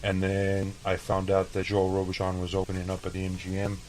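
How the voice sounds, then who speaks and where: A man's voice: deep voice, completely flat delivery, fairly quick, darkish tone, a little hiss or hum, rough recording. A man from El Paso, a chef and podcast guest, telling casual, profane stories and acting out past conversations. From El Paso, Texas. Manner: profane, laid-back, acts out dialogue. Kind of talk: casual interview storytelling.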